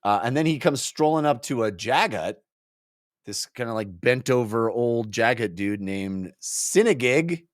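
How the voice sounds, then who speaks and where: Animated man retelling a fantasy novel. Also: medium pitch, dry recording, studio quality. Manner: animated retelling with quick put-on voices. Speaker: podcast co-host. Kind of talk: casual book club chat.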